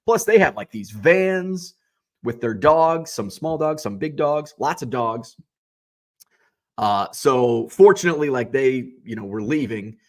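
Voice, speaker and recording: Hoarse, rambling man recapping casually. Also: medium pitch, animated, a little slow, a little mellow. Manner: chatty, rambling, many fillers and restarts. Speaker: card show organizer and host.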